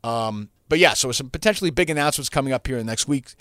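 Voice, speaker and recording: A man hosts his own podcast in a loose solo monologue, circling back and restarting his sentences. He is blunt and occasionally profane. The sound is dry and close, with a middle-pitched voice. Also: animated, quick pace, fairly bright tone, dry recording. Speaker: podcast host.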